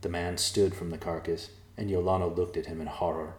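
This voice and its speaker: Deep-voiced male storyteller, echoey room. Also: level tone, a little fast, few pauses. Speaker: narrator. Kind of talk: storybook narration.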